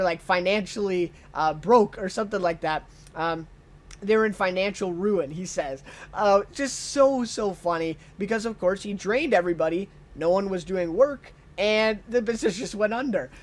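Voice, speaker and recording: A man giving a casual unscripted TV show review, enthusiastic and full of ums and uhs. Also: high voice.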